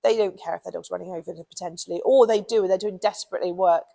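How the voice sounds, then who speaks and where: A woman's voice: lowish voice, rapid-fire, vocal fry, mellow, poor audio. A British woman who trains dogs, giving chatty, casual advice with plenty of ums and you knows. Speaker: dog trainer.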